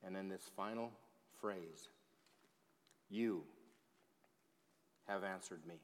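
A man preaching a sermon as pastor, slow and emphatic, swelling in volume on key phrases. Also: low-pitched. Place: church sanctuary. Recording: long hall reverb.

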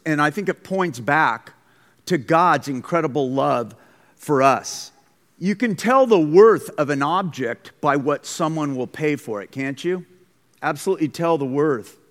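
A man's voice: on the high side, fairly bright tone. A man preaching a conversational, emphatic sermon as pastor, recorded in a school gym. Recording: long hall reverb.

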